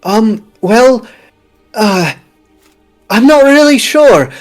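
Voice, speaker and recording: A man's voice: extremely high pitch, sing-song, drawn-out words, faint music behind, pitched above the performer's own voice, exaggerated voice. A man voicing an eager young princess, gushing and upbeat. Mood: excited. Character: excitable young princess who does magic.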